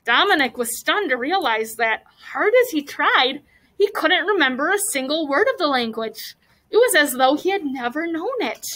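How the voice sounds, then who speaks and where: A woman teacher reading a chapter book aloud to her class, animated and stopping to ask the children questions. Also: high-pitched, normal speed, poor audio.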